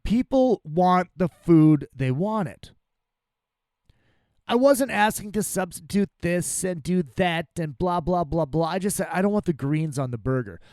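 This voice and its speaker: Male podcast host, angry profane rant, high and animated voice. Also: unhurried, no room sound, clean studio sound. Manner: angry, profane, exasperated ranting. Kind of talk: profane ranting monologue.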